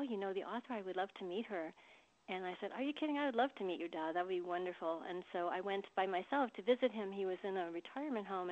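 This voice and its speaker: A woman's voice: medium pitch, lo-fi sound. A woman author in an interview, telling heartfelt stories with emotion and laughter. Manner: warm, emotional storytelling with laughs. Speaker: author and guest. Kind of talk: casual interview storytelling.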